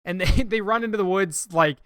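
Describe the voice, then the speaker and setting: High-voiced man recapping a movie. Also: brisk, fairly bright tone, clear, resonant tone, dry recording, studio quality. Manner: laughing, recaps scenes with quoted lines. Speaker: podcast host. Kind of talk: casual movie-review chat.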